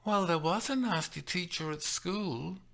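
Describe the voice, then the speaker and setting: A man's voice: high-pitched, unhurried, creaky, pushed and bright, pitched above the performer's own voice, heavily acted. A man reading a storybook voicing a self-effacing young woman who snaps and growls ferociously when acting. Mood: meek. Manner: snapping and growling, then meek. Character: timid young woman turning ferocious as a nurse.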